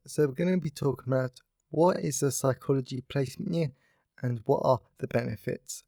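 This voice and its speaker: A man's voice: medium pitch, a little fast, vocal fry, mellow, dry recording, studio quality. A young man hosting his own podcast, chatting casually and upbeat with lots of "like" fillers. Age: young adult. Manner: upbeat, rambling, heavy use of "like" fillers. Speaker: podcast host. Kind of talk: casual solo podcast chat.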